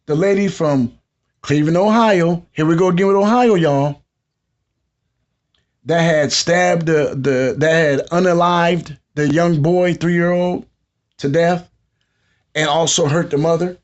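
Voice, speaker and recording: A man with a fairly high voice, hosting a live podcast. He lectures his audience in a conversational, preachy tone and talks straight to them. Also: a little slow, long pauses, dull audio. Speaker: podcast host.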